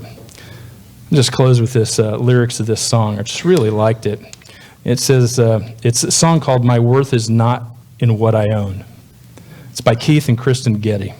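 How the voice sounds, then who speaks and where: A man's voice: mid-range voice, warm tone. A male pastor delivering a sermon in a conversational, folksy preaching manner.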